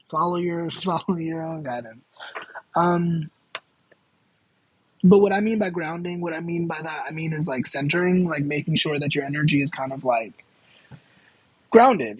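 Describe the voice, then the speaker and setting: On a livestream, a tarot card reader chats loosely with viewers in a husky, somewhat bright, higher-than-average voice, though the audio is poor. He rambles, breaks off and restarts sentences, and peppers his talk with fillers and giggles.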